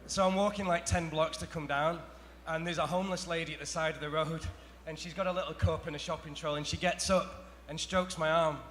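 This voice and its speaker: A man co-presenting at a conference, telling a quick, jokey, self-deprecating story. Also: on the high side, fairly even intonation, a bit bright. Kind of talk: casual on-stage banter. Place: conference stage. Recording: echoey hall with faint room noise.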